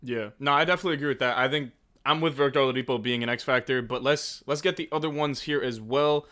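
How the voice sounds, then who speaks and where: A man's voice: medium pitch, fast, bright, forceful tone. A man hosting a casual sports podcast, upbeat and chatty. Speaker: podcast host.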